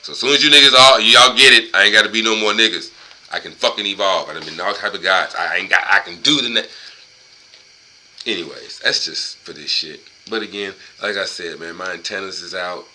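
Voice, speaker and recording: Rambling, profane man with bright voice. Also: sits low, fairly quick, a little hiss or hum, poor audio. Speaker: host reading a book aloud and riffing. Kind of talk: casual monologue with book reading.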